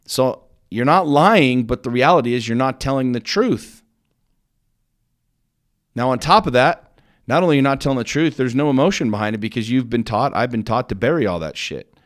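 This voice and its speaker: A man hosting his own podcast as a business coach, talking straight at the listener in an intense, blunt way, swearing freely and repeating words for emphasis. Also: mid-range voice. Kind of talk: motivational monologue.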